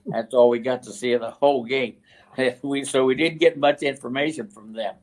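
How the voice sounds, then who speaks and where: An older man from West Virginia, a retired football coach, telling stories as a guest in an interview, halting and full of fillers and restarts. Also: medium pitch, fairly even intonation, darkish tone. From West Virginia, USA. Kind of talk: storytelling interview.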